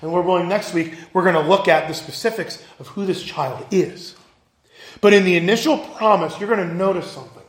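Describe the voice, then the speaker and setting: A man's voice: sits high, a little fast, reverberant. A male pastor giving a sermon, earnest and emphatic, asking his listeners questions.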